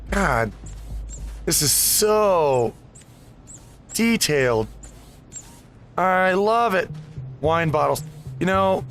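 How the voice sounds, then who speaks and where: Man, let's play host, high voice, rambling, distracted, faint music behind. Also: a bit bright. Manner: rambling, easily distracted, chatty asides. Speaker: gaming video host. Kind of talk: casual let's play commentary.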